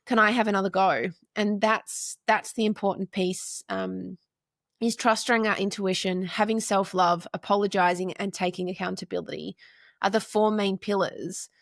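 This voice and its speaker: A woman in her forties speaks as a podcast guest in a relaxed interview, with a gravelly edge of vocal fry running under a mid-pitched voice. She talks earnestly and builds long lists of short phrases. The sound is close and dry. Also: moderate pace, no echo. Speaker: podcast guest, mother and counselor. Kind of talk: casual interview chat.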